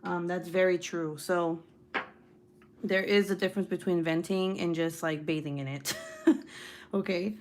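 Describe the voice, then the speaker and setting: Young woman chatting with her viewers live, kinda low voice, cusses a lot, laughs easy. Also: fairly even intonation, measured pace, pauses often, darkish tone. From United States. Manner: casual, swears freely, laughs often. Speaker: livestream host reading viewer comments. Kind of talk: casual live chat.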